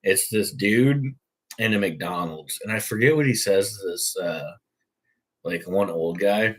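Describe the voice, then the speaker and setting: A man's voice: low-pitched, unhurried, husky, poor audio. A young man hosting a casual sports talk show, rambling and swearing freely. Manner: profane, rambling. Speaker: host.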